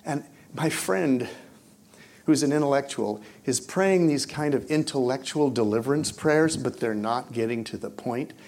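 A man preaching and telling his own story, swinging between hushed moments and loud, excited bursts. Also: medium pitch, measured pace. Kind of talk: testimony storytelling in a sermon.

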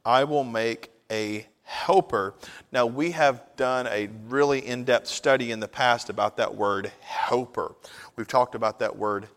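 Folksy pastor in a reverberant hall. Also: male voice, mid-range voice, steady tone, normal speed, a bit bright. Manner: folksy, conversational, asks the congregation. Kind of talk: sermon with jokes. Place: church worship hall.

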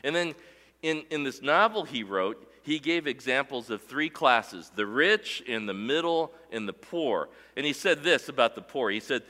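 A man preaching a sermon in a church worship center, with emphatic, deliberate delivery that swells and drops for emphasis. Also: mid-range voice, animated, bright, forceful tone, big-room sound. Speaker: pastor.

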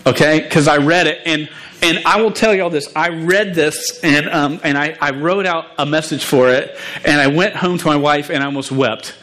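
A man's voice: fairly high pitch, normal speed, bright, forceful tone. A man preaching to a youth group as their youth pastor, earnest and emotional, often restarting and stumbling over his words.

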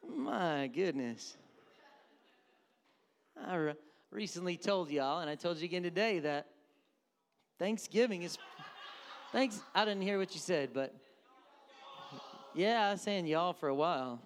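A man preaching in a relaxed, joking way, slipping into mimicry of other people. His voice is lively, rising and falling widely. The sound rings with the long reverb of a church hall. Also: sits high, a little slow, pauses often. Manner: conversational and joking, breaks into singing and mimicry. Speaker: pastor. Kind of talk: sermon. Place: church sanctuary. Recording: echoey hall.

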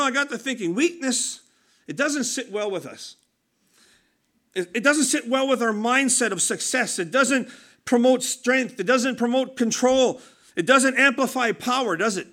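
A man's voice: very high voice, bright, forceful tone. A man preaching a conversational sermon, earnest and emphatic, often restarting his sentences.

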